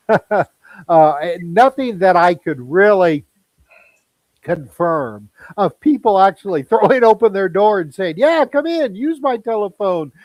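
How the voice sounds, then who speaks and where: A man's voice: sits high, a little mellow, no room sound, rough recording. Chatty man explaining in dry audio. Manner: conversational, explanatory with frequent fillers. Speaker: guest. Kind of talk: casual chat.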